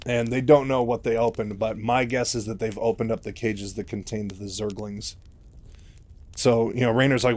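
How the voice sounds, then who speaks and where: A man's voice: lowish voice, steady tone, moderate pace, a little mellow. Chatty man casually retelling a story. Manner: chatty, filler-heavy, loose.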